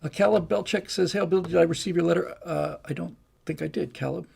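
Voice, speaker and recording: Older guy rambling thru a live stream, real gravelly, kinda husky. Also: on the high side, brisk, a little mellow. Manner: rambling, folksy, restarts and asides. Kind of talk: casual live-stream chat reading comments.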